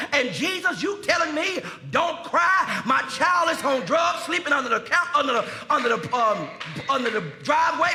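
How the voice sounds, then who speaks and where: A pastor acting out a desperate grieving believer who shouts disbelieving complaints at Jesus. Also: male voice, very high-pitched, creaky, roomy sound, heavily acted.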